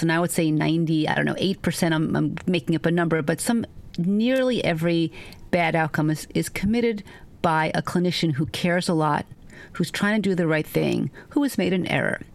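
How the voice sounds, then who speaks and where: Low, gravelly woman physician telling stories. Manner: animated, wry anecdotes with vivid quotes. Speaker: physician guest. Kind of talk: conversational storytelling.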